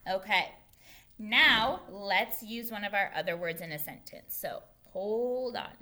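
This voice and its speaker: Slow, bright-voiced woman teaching young children. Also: fairly high pitch. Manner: slow, patient, over-enunciated for young children. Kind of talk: early-grade phonics lesson.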